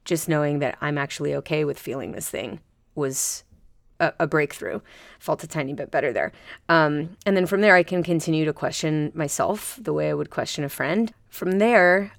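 A podcast host with a low, gravelly voice guides listeners through a self-compassion practice on her solo show, recorded dry and close. She is gentle and unhurried, adding soft laughs and playful images to her reflection.

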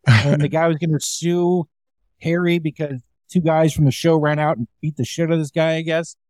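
A man's voice: a little high, fairly even intonation, normal speed, a little mellow, dry recording. A comedian telling casual, rambling club stories, acting out the quoted lines as he goes. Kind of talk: casual storytelling chat.

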